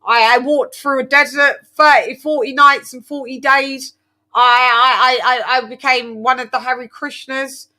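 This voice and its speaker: A woman hosts a casual boxing chat with a bright, ringing voice pitched a little high. She talks in an animated, playfully over-the-top way, tripping over her words and restarting often. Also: unhurried. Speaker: boxing show host.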